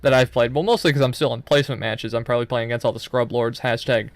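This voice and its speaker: A man's voice: medium pitch, fairly even intonation, quick pace, gravelly, no echo. A young man giving loose, profane, rambling commentary over his own gameplay footage, full of joking asides.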